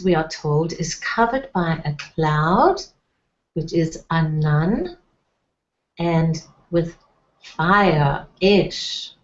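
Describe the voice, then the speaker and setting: A woman's voice: lowish voice, muffled recording. A woman teaching a Hebrew lesson, patiently spelling out letters and sounds and saying prayers in Hebrew. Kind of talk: slow, deliberate Bible-language lesson.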